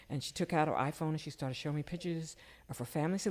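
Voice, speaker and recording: A woman's voice: fast, hardly any pauses. An older woman telling personal stories in casual conversation, her voice jumping up whenever she quotes someone. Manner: animated, jumps high when quoting people. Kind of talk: casual storytelling.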